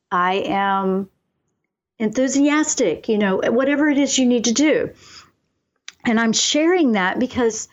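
A woman hosts a spiritual self-help talk show, coaching her listeners in an earnest, encouraging way. She draws out her affirmations slowly and deliberately. The sound is a bit dull and lo-fi, like a broadcast recording. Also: on the high side. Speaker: radio talk show host.

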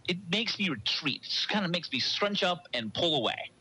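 Very bright, lively man co-host. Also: high-pitched, normal speed, breathy edge, low-quality recording. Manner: expressive, explaining with examples. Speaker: podcast co-host. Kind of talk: casual chat.

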